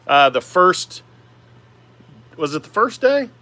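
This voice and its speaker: High-pitched and slow, with big swings in pitch and a sharp tone, this man's voice comes through with no room sound. He's a woodturning livestream host in his forties with an Oklahoma accent, chatting easily with viewers from his home shop by the lathe, rambling along with lots of "man" and "uh."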